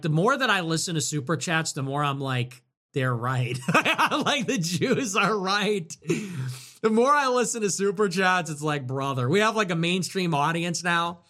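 A man hosting a livestream, talking casually and sarcastically in a rambling way that swings between loud and muttered. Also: on the high side. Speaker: livestream host. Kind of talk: casual livestream talk reading viewer messages.

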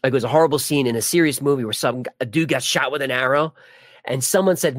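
A man's voice: mid-range voice, quick pace, no echo. A man hosting a live stream, chatting casually and joking while reading viewer comments. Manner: rambling, jokey, many restarts. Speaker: livestream host.

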